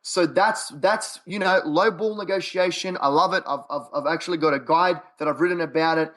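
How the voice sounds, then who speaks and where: A man's voice: on the high side, brisk, a bit bright. A man with an Australian accent, a podcast guest telling his stories in a punchy, quote-heavy way. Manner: punchy, quote-heavy, repeats himself for emphasis. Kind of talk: casual interview chat.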